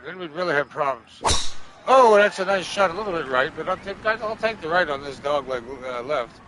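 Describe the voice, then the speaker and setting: A man's voice: on the high side, animated, fairly quick. A man casually commentating a golf video game, joking and cursing back at the game's commentators. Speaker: gaming streamer. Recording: game crowd and noise behind. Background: golf game crowd ambience.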